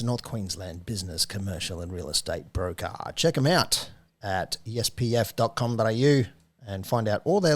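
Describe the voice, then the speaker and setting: Wry Australian podcast host. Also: male voice, medium pitch, dry recording. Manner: wry, exasperated, quick reads of sponsor plugs. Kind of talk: casual banter and show intro.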